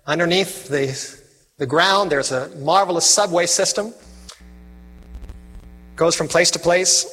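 A man's voice: high voice, pushed and bright. A man preaching a fervent evangelistic sermon, calling out to his audience for responses. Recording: reverberant hall with faint music.

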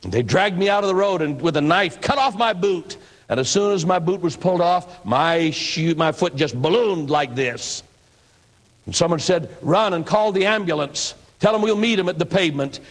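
A man's voice: high-pitched, animated, moderate pace, poor audio. Folksy older man telling his testimony. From northwestern United States. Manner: folksy storytelling, acts out quoted voices. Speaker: pastor and evangelist. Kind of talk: personal testimony sermon.

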